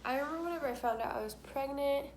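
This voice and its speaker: A young woman talks casually to her camera, candid and chatty, her sentences full of filler words. Her voice sits a little high, with a faint background hiss behind her. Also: quick pace. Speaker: vlogger.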